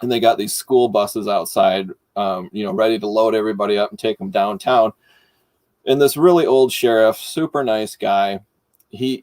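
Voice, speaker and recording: Man, middle-aged, from Michigan, low voice, casual storytelling, dry close sound. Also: no room sound. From Michigan, United States. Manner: animated, laughs while telling. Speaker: host.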